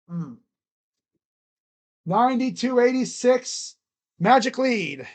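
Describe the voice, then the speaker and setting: A streamer giving live play-by-play reaction to a basketball game, reading out stats and getting excitable, repeating catchphrases and laughing. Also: medium pitch, a little slow, pauses often. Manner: reads out box score stats.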